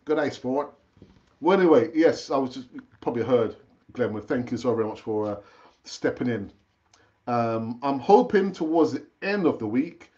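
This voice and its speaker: A man hosting a casual live-stream football chat, chatty and animated, rambling with fillers and restarts, his pitch jumping up when he gets excited. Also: dull audio. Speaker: football channel host.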